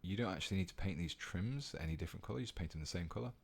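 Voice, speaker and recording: A man's voice: deep voice, racing, gravelly, breathy edge. A British man giving a casual painting tutorial on a live stream, chatting with viewers as he works. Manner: relaxed and chatty, reading out viewer comments.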